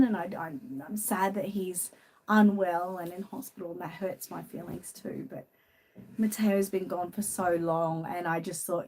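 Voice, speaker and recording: A woman's voice: medium pitch, a little mellow. Chatty Australian woman live streaming. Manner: chatty, greets viewers by name between thoughts. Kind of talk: casual live-stream chat.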